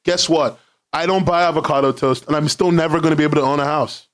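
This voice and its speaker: A man's voice: fairly high pitch, steady tone, fast. Rambling, laughing young male streamer. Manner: rambling, laughs often, swears casually. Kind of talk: casual stream chat. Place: London, indoors at home.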